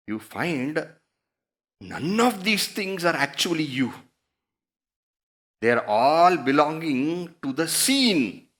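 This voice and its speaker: Guy teaching spiritual stuff, keeps asking questions, pitch jumps around a lot, kinda high voice. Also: fairly bright tone. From India. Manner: questioning, emphatic, rhetorical. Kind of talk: spiritual discourse.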